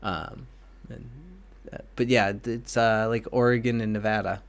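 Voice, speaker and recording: A man from New England co-hosting a podcast, chatting casually about a video game with a hesitant, halting manner. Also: lowish voice, steady tone. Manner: hesitant, restarts with ums. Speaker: podcast co-host.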